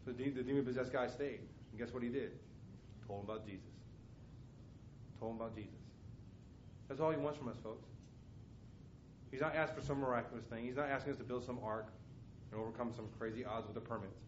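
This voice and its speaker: A man's voice: mid-range voice, fairly even intonation, quick pace, slight background noise. A man preaching a sermon as a missionary, telling stories with passion, acting out voices and repeating words. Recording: echoey room, dull lo-fi sound.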